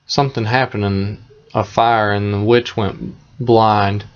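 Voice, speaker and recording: A man retelling a fairy tale in a plain, conversational, unhurried way, with small asides to the listener. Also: fairly low pitch, level tone, clear, resonant tone, lo-fi sound. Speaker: storyteller.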